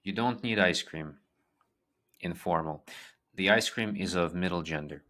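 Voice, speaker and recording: A man's voice: sits low, a little slow, pushed and bright. A man giving a language lesson, patiently drilling words and repeating them, with fillers and restarts as he explains. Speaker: language teacher.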